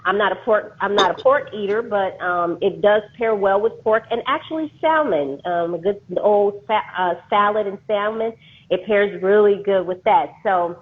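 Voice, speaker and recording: A woman's voice: mid-range voice, moderate pace. Laughing woman on a tinny phone line. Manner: laughs often, animated and teasing. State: going through menopause. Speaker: co-host, life coach. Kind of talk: casual live-stream chat.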